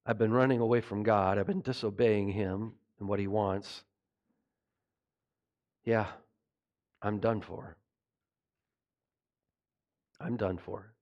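A man's voice: lowish voice, steady tone, slow pace, long pauses, darkish tone, muffled recording, voice pushed down. A man voicing a panicking, whining prophet who pleads for help in mock tears. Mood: gloomy resigned.

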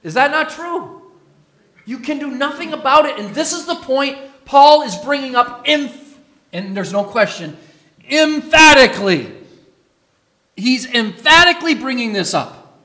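A man's voice: very high-pitched, lively intonation, moderate pace, bright, forceful tone. A man preaching a sermon as pastor, emphatic, putting questions to the congregation.

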